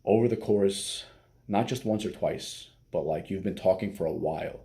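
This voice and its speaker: A man's voice: low-pitched, moderate pace, warm tone. A man giving casual dating advice as a coach, blunt and profane, with many fillers.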